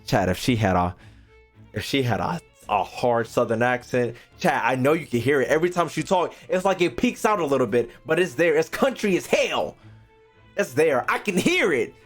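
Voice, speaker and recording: Male streamer, casual profane commentary, lively swings in pitch, game music faint behind. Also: normal speed. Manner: loud, profane, animated reactions. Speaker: gaming streamer. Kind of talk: casual let's-play commentary.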